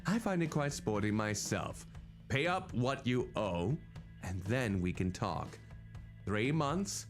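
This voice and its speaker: A man voicing a smug, menacing rich developer who talks low and slow. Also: animated, faint music behind.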